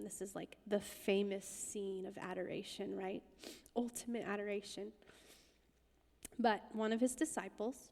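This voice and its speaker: A woman giving a sermon, telling a personal story intensely and emphatically, sometimes dropping to a hushed whisper. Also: mid-range voice. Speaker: guest speaker. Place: church hall. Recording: long hall reverb.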